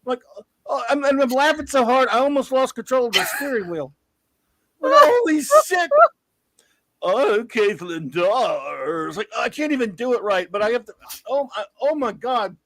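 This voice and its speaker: A man in his fifties hosting a casual comics talk stream, an animated storyteller who often breaks into laughter. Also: very high voice, fairly quick, no room sound. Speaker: comics podcast host. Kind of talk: casual live-stream chat.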